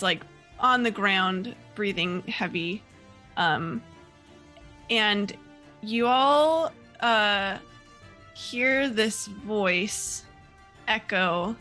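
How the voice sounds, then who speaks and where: A woman game master narrating a tabletop game, halting with many fillers. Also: mid-range voice, bright, forceful tone.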